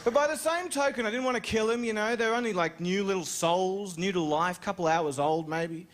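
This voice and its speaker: A young Australian man telling a rambling, self-mocking story on stage as a stand-up comedian. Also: a little fast. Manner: rambling, self-mocking storytelling with sudden high-pitched jumps.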